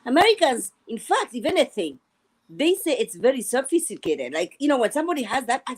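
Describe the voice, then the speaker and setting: A woman with a Kenyan accent talks casually on a panel. Her voice sits high and swings widely in pitch. She often repeats words as she gets going. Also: sing-song, brisk. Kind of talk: casual chat.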